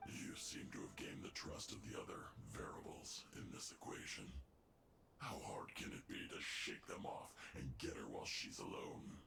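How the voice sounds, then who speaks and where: An actor playing a menacing male villain who speaks in a hushed, threatening whisper. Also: rumbling low, animated, moderate pace, vocal fry, faint music behind, heavily acted.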